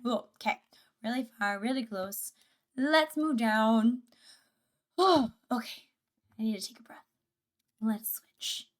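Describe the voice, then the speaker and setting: A woman's voice: fairly high pitch, measured pace, long pauses. A young woman streaming a reaction video, chatting casually with a bubbly, giggly and easily sidetracked manner. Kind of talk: casual livestream reaction chat.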